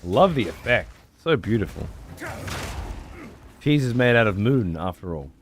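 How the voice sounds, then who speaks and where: A man streaming a video game, chatting casually and swearing freely with excitable outbursts. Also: lowish voice, measured pace, faint music behind. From United Kingdom. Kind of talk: casual gameplay livestream chat.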